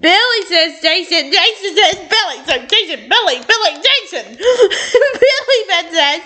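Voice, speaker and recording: In a very high, sing-song voice that sounds pushed and bright, a young fan reads a script aloud at a measured pace with hardly any pauses. It's an excited reaction vlog, and she gushes, tears up and laughs frequently.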